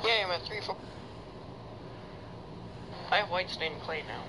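A man's voice: high voice, measured pace, heavy background noise. A man hosting a casual gaming chat, teasing his friend and laughing constantly. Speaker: channel host.

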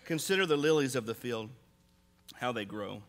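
A man's voice: medium pitch, expressive, normal speed, a bit bright. A middle-aged male pastor preaching a sermon in a church, telling stories with humor and animation. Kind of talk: sermon with storytelling. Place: church sanctuary. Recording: long reverb in a large hall.

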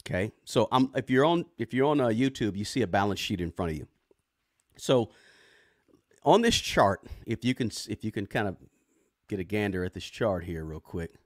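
A man's voice: fairly low pitch, expressive, moderate pace, dry recording, studio quality. A man hosting a live finance stream, walking viewers through a chart with a casual, repetitive style and lots of "right?" and "guys". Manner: restarts and repeats words. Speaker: finance YouTuber. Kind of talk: live screen-share explainer.

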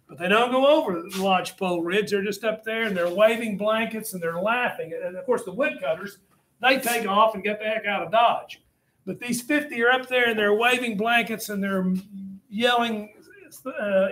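A male history teacher telling a story to his class in a dramatic, blunt manner and speaking straight to the students, recorded in an echoey classroom. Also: sits high. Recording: echoey classroom, faint noise.

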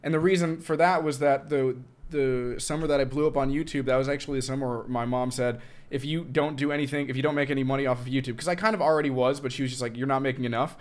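A man's voice: mid-range voice, fairly even intonation, fast, hardly any pauses. A man hosting a podcast, chatting easily about his past. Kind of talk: casual chat.

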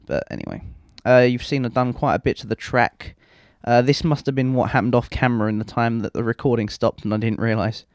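A man's voice: medium pitch, brisk, hardly any pauses, dry recording. Young dude rambling over his game footage, swears a lot, laughs at himself, dead dry mic. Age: young adult. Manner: rambling, self-mocking, swears freely. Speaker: let's play host. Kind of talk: casual gameplay commentary.

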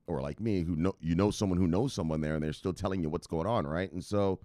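A man's voice: sits low, quick pace, warm tone, dry recording, studio quality. A man hosting a crypto news show, rambling casually with profanity and hype outbursts.

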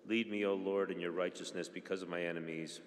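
Low monotone guy reading psalms at church service, big echoey church sound. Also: fast. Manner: steady reading with small slips and restarts. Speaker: church reader. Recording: long church reverb.

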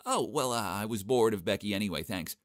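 A man's voice: fairly low pitch, expressive, a little fast, no echo, studio quality, lightly acted. A man voicing a two-faced teenage boy who talks in a smug, offhand way. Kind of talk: animated story voice acting.

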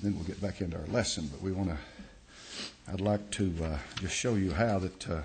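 Folksy pastor teaching a sermon. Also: male voice, low voice, a little fast, slight background noise. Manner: folksy, explains step by step, many restarts and uh.

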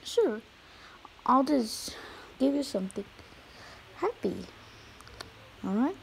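A woman voicing a calm male therapist who speaks gently and reassuringly in a homemade toy skit. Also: on the high side, slow pace, gravelly, slight background noise, heavily acted, rough recording.

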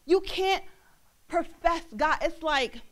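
A young woman ministering in a church, preaching an animated sermon and acting out the voices of the people in her stories. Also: extremely high pitch, slow pace. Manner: animated, acts out quoted voices, laughs.

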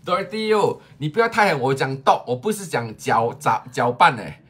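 A man's voice: on the high side, very animated, normal speed, a bit bright, husky. A Singaporean man in his fifties selling on a live stream, chatting casually with playful teasing and exaggerated pleas. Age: 50s. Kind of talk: casual live-sale chat.

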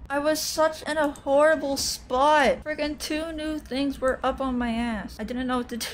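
A young woman streaming a horror game, frantic and quick to repeat herself when scared. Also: high-pitched, slight background noise. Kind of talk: panicked gaming chatter.

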